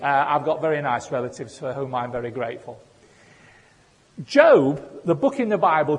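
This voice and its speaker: A preacher with a slightly high, somewhat rough voice delivers a conversational sermon full of personal stories and self-deprecating humor. The recording has the echo of a large hall.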